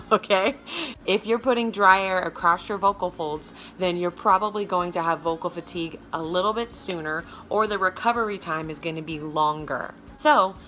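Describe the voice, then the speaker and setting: A woman vocal coach with a Southern American accent and a low alto speaking voice, giving a chatty, emphatic lesson straight to her viewers. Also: pushed and bright, slight background noise. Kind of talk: casual video lesson.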